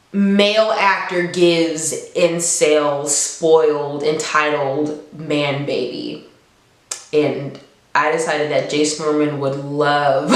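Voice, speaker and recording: Chatty woman in a very echoey room. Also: takes it slowly. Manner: chatty, laughs often, voice jumps up in pitch when excited. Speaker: book reviewer. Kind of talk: casual book review vlog.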